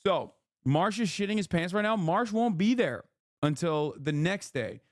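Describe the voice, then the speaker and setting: A man live-streaming to his chat, emphatic and profane, often checking in with a quick question. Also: sits high, expressive, dry recording, clean studio sound. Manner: emphatic, profane, keeps asking "okay?". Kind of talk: livestream chat.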